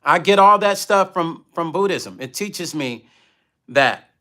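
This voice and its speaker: A man hosts a candid livestream, speaking in a slightly high, bright, forceful voice. He tells stories bluntly and with animation, breaking off to read viewer comments aloud. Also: lively intonation, measured pace. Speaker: livestream host and musician.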